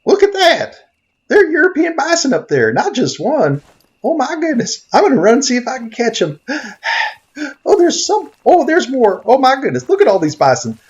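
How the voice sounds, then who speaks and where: A man's voice: medium pitch, normal speed, muffled recording, natural voice. A man playing a naive, bumbling greenhorn hunter and photographer from Tennessee, rambling in a folksy way in comedic game commentary. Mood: excited. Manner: rambling, folksy, easily excited. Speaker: gaming video narrator.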